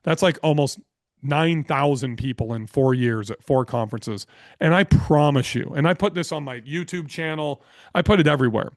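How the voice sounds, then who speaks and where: Energetic, blunt male podcast guest. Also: a little high, moderate pace, no room sound, clean studio sound. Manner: energetic, blunt, swears freely. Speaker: podcast guest, real estate investor. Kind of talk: casual interview storytelling.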